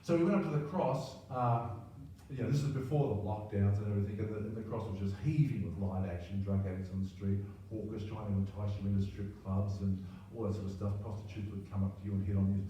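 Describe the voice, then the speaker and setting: A man in his sixties with an Australian accent spins a meandering, self-mocking anecdote. His voice is mellow and dark, heard from a little way off the mic in a very echoey room with faint ambience behind it. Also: lowish voice, steady tone, quick pace, few pauses, distant mic, slight background noise. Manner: rambling, self-deprecating, keeps adding "right?". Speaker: storyteller. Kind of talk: personal anecdote monologue.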